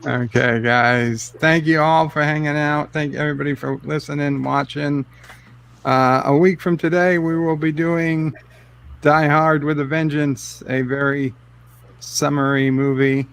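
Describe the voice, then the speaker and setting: Male host, fry in the voice, casual jokey sign-off patter. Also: on the high side, little pitch movement, measured pace, a bit bright. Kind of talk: casual movie-reaction chat.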